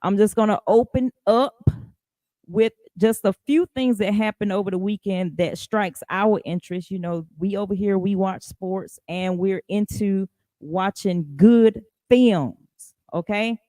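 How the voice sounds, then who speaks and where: Casting: woman podcast host, animated chatty delivery, dry close mic. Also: medium pitch, a little slow, dry recording. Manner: lively, greets listeners by name, laughs often. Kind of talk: casual live podcast chat.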